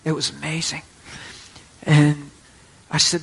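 A male pastor with a husky, slightly raised voice tells a story from the pulpit. His tone is bright and tense, and he slips into the voices of the people he quotes with lively energy. He speaks to a congregation gathered in front of him. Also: fairly high pitch, a little slow, pauses often. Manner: animated, acts out quoted voices. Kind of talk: storytelling sermon. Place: church before a live congregation.

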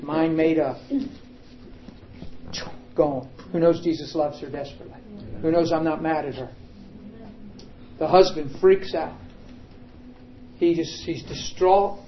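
A preacher tells his story from the pulpit with high drama, dropping to a hush and then pressing hard on a point. His voice sits a touch high for a man. The recording is a little dull, with a faint hum of ambience behind him. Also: fairly even intonation, measured pace, pauses often. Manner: dramatic storytelling that swings from hushed to emphatic. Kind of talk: storytelling sermon.

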